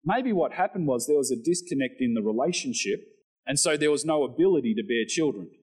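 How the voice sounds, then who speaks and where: This pastor talks fairly quickly in a husky voice, and the audio is poor. Reading scripture in a rising pitch, he preaches in an animated way and turns to the congregation with casual asides.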